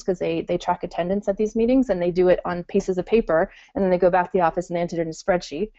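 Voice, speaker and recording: Middle-aged woman guest, chatty and animated when quoting others, mellow voice, dull dry audio. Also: fairly low pitch, quick pace, hardly any pauses, no room sound. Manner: chatty, acts out customers' excited reactions. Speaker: guest entrepreneur. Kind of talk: casual interview talk. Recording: muffled call audio.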